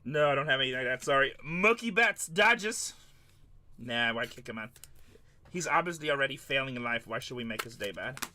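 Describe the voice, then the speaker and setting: Bright, tired-sounding man chatting to his stream. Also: mid-range voice, quick pace. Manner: loose, joking, talks back to chat. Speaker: card break host. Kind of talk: casual livestream chat to viewers.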